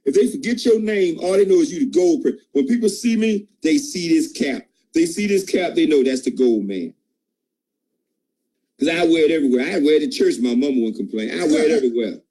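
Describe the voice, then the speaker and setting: An emphatic man delivers a preachy motivational pep talk to his sales team. His voice is dark and mellow, with a husky edge, and his pitch leaps high when he presses a point. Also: expressive, brisk, poor audio. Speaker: team leader at a sales call.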